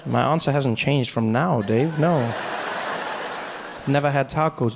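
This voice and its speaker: Animated man from South Africa doing stand-up. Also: mid-range voice, normal speed, vocal fry. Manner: animated, acts out other people's voices. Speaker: stand-up comedian. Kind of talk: stand-up comedy set. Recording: live hall reverb, faint audience noise.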